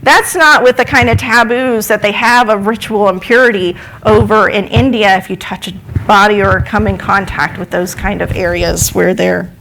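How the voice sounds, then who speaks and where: A woman's voice: medium pitch, fairly even intonation, normal speed, creaky, hardly any pauses, fairly bright tone, a little hiss or hum, poor audio. A woman telling a parable in a sermon, in a conversational way, asking her congregation questions. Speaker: speaker at a church service. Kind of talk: sermon storytelling.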